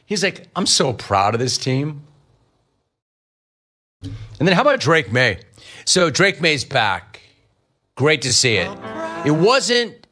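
A middle-aged man hosting a sports talk radio show, riffing lively on callers and the news. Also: fairly high pitch. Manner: lively, riffing, mock-quoting callers and family.

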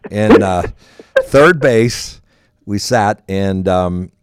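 Low-voiced rambling male podcast host. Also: drawn-out words, clear, resonant tone, dry recording. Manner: rambling storyteller, many fillers and laughs. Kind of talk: casual chat.

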